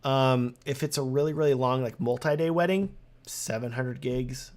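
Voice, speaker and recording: A young man chats casually on a live stream, reading viewer comments aloud and answering them. He talks in an animated, talkative way, with an ordinary mid-range voice. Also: medium pitch, moderate pace.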